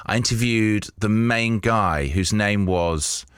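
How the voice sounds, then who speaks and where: A man's voice: lowish voice, slow pace, a bit bright, smooth, dry recording, studio quality. A man presenting a radio show in a casual, chatty way, reading out listener messages.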